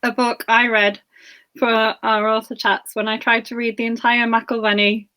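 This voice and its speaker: Giggly enthusiastic woman, slightly high. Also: little pitch movement, moderate pace, bright, forceful tone. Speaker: book club co-host. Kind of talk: casual video chat.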